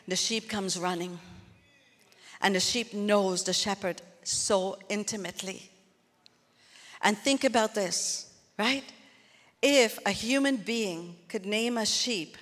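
A woman pastor preaching a sermon in an earnest, conversational way, turning often to the congregation with asides. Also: mid-range voice. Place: church hall. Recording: long hall reverb.

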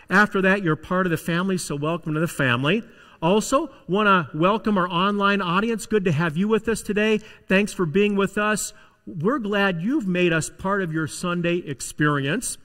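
A male pastor preaching a sermon in a church, telling stories in a lively, conversational way. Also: sits high. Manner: animated, conversational storytelling. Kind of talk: sermon with storytelling. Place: church sanctuary. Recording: reverberant church hall.

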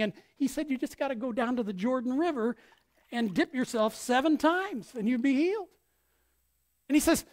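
Animated woman pastor preaching. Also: high-pitched, normal speed. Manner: animated, acts out quotes with big shifts in loudness. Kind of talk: sermon.

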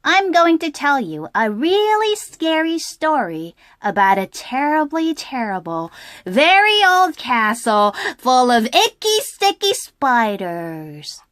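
A woman with a Korean accent voicing an excitable, mischievous little sister in a storybook read-aloud, squealy and emphatic. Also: sits high, slow pace, no room sound, clean studio sound, pitched above the performer's own voice, exaggerated voice. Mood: excited.

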